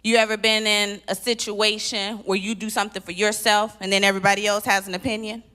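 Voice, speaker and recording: A woman performing a stand-up comedy set on a church stage, with punchy, animated delivery and sudden loud exclamations. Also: medium pitch, fast talker, smooth. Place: live stage at a church event.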